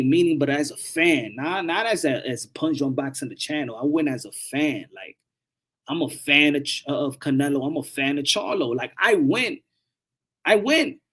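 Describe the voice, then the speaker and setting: A man hosting a boxing channel, giving casual live-stream commentary, animated, often repeating words and swearing freely. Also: medium pitch.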